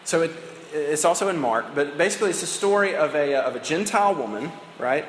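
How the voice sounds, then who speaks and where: A man's voice: on the high side, lively intonation, a little fast, a little hiss or hum. A man preaching a sermon in a conversational way, acting out the dialogue of the story as he goes. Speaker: pastor. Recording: echoey hall, long reverb.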